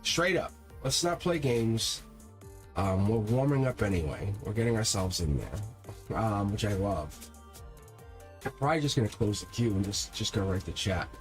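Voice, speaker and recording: A tarot reader with a lowish voice gives a live reading at a moderate pace. He speaks straight to viewers, energetic and emphatic, with faint music in the background.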